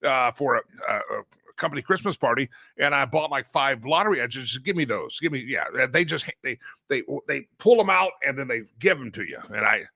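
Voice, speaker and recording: Rambling, bright-voiced male talk host. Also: mid-range voice, expressive, normal speed, gravelly, no room sound, clean studio sound. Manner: rambling, self-interrupting, playful. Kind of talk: casual solo talk show monologue. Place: broadcast studio. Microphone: studio microphone.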